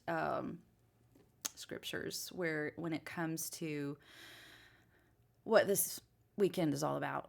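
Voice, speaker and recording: A woman in casual podcast talk, her voice sitting a little low. She rambles warmly through stories and slows into quiet reflection, with plenty of fillers and restarts. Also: gravelly. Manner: chatty, earnest, drifts into reflective church talk. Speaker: podcast co-host. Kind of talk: casual chat.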